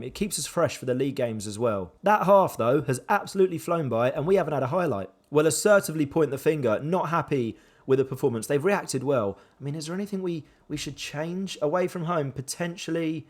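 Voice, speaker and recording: A young man commentating his own football management game with animated swings between excitement and dejection. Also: mid-range voice. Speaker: gaming YouTuber.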